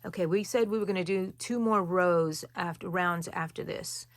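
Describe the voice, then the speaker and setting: A woman's voice: on the low side, moderate pace, dry recording. A woman hosting a crochet tutorial, talking viewers through each stitch in a casual, rambling way with chatty asides. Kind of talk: casual step-by-step tutorial chat.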